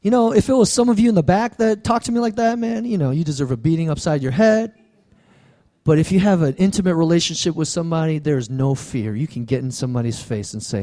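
A man with a high, light voice preaches a sermon. He talks to the congregation in call-and-response asides, drawing amens and asking if they hear him. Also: normal speed, warm tone. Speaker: pastor.

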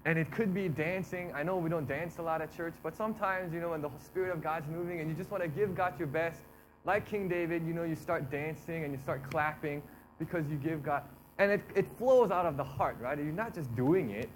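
A man's voice: on the high side, brisk, slight background noise, poor audio. A young man preaching a casual sermon, full of "you know" and "right", acting out imagined prayers and grumbles. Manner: conversational, acts out imagined prayers and complaints.

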